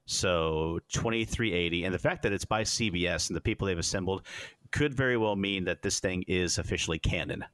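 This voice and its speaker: A man's voice: low-pitched, brisk, no room sound. A man co-hosting a podcast in casual chat, retelling scenes and acting out the dialogue. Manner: animated storyteller, acts out dialogue in raised voices. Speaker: podcast co-host.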